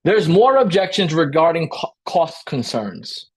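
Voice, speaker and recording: On the high side with big pitch swings, a man's husky voice drives an energetic live training webinar. He restates his points, often asks "right?", and briefly performs client dialogue as role-play.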